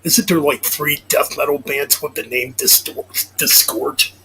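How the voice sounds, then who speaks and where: Bright-voiced laid-back man. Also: on the high side, unhurried, a little hiss or hum. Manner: laid-back, short agreeing replies. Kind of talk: casual chat.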